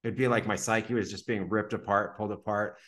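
A man's voice: fairly low pitch, fairly even intonation, fairly quick, a bit bright. A man being interviewed as a podcast guest, telling a long personal story casually with lots of "like" fillers. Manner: vivid retelling full of "like" fillers.

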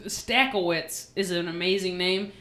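Young woman, lowish voice, blunt wry podcast banter. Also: a little slow, fairly bright tone. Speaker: comedian podcast co-host. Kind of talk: casual chat.

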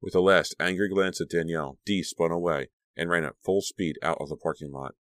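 A man narrating an audiobook with a dramatic, expressive reading. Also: low-pitched, brisk, no echo.

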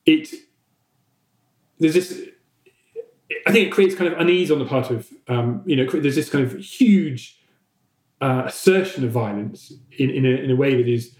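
A man of middle pitch explains history unscripted for a podcast, stumbling through fillers, repeated words and false starts. His voice carries a noticeable room echo. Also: darkish tone. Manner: halting, many fillers and restarts. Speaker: historian answering listener questions.

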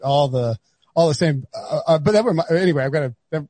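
High-voiced, chatty male podcast host. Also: quick pace, darkish tone, no echo. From North Carolina, USA. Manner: chatty, rambling, self-deprecating, many restarts. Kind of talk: casual podcast chat.

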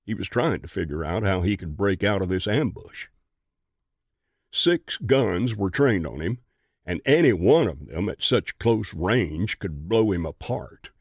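A man narrating a western audiobook in a measured, steady reading. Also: low voice, husky, dry recording, clean studio sound.

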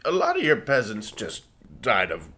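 A man's voice: mid-range voice, huge pitch swings, moderate pace, bright, forceful tone. A man co-hosting a comedy podcast, making dry quips and breaking into mocking voices. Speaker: podcast co-host. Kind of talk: comedic banter.

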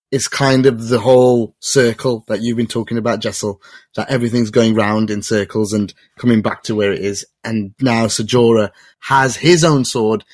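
A man hosting a casual TV review chat, talking excitably in a rambling way with lots of repeats. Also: medium pitch, dry recording. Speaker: host.

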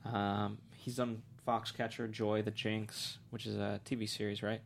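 A man's voice: lowish voice, level tone, unhurried, creaky, slight background noise. A man co-hosting a casual movie review chat, talking hesitantly with many fillers. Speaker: podcast co-host.

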